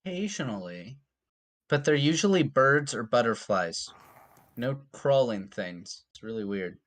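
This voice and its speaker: A man's voice: medium pitch, lively intonation, measured pace, a bit bright. A man runs a tabletop game in an easygoing voice. He makes rules calls and describes the world to the players. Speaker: game master.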